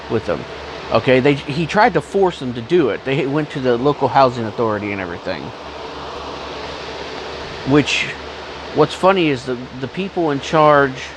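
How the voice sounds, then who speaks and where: A man's voice: medium pitch, background noise. A man with a cough talking in a rambling, blunt, profane casual monologue, often stopping to cough. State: has a cough. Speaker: vlogger.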